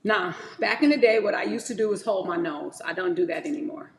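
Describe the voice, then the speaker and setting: A woman chatting casually to her viewers as she juices and drinks wheatgrass shots, calling them y'all and talking in animated bursts. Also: medium pitch, a little fast, vocal fry, reverberant, slight background noise. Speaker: wellness vlogger. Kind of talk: casual chat to camera.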